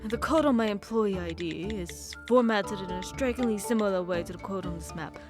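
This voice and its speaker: A woman doing a curious young new employee in a video game, talking in an overdone, wobbly posh British accent at a middling pitch. Game music plays clearly behind the voice. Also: brisk, close to an everyday voice. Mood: thoughtful. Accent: put-on British. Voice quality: shaky exaggerated posh accent. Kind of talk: game dialogue read aloud.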